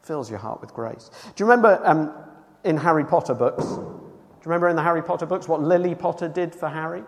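A man preaching a sermon, emphatic and earnest, moving between loud cries and hushed tones. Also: fairly high pitch, brisk, big-room sound.

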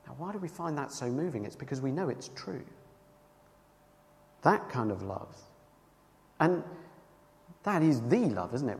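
A man's voice: a little high, vocal fry. Man preaching in a reverberant hall. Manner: emphatic, swings from loud cries to hushed, earnest tones. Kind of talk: sermon.

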